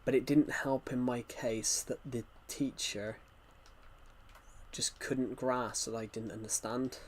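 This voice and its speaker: A man's voice: mid-range voice, steady tone, slow, darkish tone, a little hiss or hum. A young British man casually chatting with viewers while he plays, answering their questions as they come. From United Kingdom. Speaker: gaming streamer. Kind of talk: casual livestream chat while playing.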